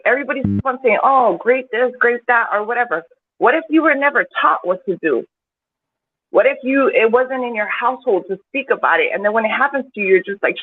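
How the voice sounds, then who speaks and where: Impassioned woman on a tinny call line. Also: mid-range voice. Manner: impassioned, profane, rising in intensity. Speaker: podcast guest. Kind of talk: emotional podcast discussion. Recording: tinny phone-like call with faint hiss.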